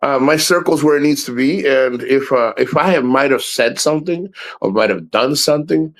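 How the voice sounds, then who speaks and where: A middle-aged man talks straight into his streaming mic in a loose, rambling way. He is blunt and swears freely. His voice sits at an ordinary mid pitch. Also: moderate pace. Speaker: livestream host. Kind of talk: casual livestream talk.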